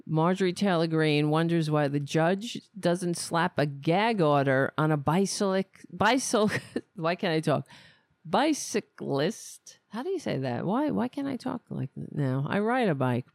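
A woman's voice: sits low, gravelly, dry recording, studio quality. A woman hosting a live political commentary stream, ranting with scorn and stumbling over her words.

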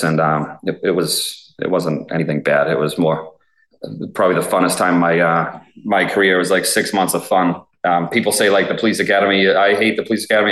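A man's voice: deep voice, a bit bright, echoey room, poor audio. A man, a police officer in his thirties, telling stories in a casual interview, rambling with lots of fillers and swearing. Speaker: police officer, SWAT guest.

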